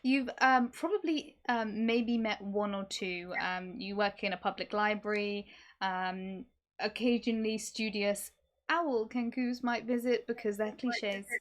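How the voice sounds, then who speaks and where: A woman's voice: mid-range voice, a little slow. A woman running a tabletop game on a live stream, narrating casually with many ums. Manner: rambling, many ums, chatty. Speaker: game master.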